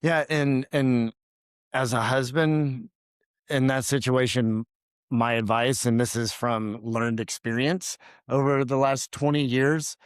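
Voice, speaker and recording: A middle-aged man co-hosting a podcast, speaking in relaxed, reflective casual chat and laughing easily. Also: mid-range voice, slow pace, smooth, no room sound, clean studio sound. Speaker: podcast co-host.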